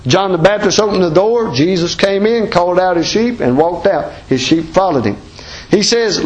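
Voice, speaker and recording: A man's voice: sits high, moderate pace, low-quality recording. A man with a Southern American accent preaching a sermon as pastor, folksy and emphatic, full of rhetorical questions.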